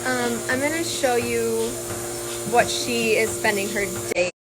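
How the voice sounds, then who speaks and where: A woman's voice: on the high side, a little slow. A woman vlogging on her farm, chatting hopefully to viewers as she explains what she sees, filmed on a handheld phone. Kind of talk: casual explanatory vlog narration. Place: farm barn and pasture, outdoors.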